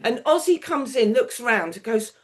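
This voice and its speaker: A woman's voice: a little high, expressive, moderate pace. A middle-aged woman, a television producer on as a guest, telling anecdotes in a casual chat, laughing often and acting out the people she quotes.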